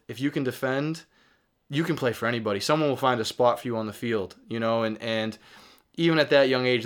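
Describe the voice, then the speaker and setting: A man's voice: mid-range voice, a bit bright. A man with a Boston accent, co-hosting a soccer talk show and coaching youth soccer, chatting casually with lots of fillers and restarts. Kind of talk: casual sports chat.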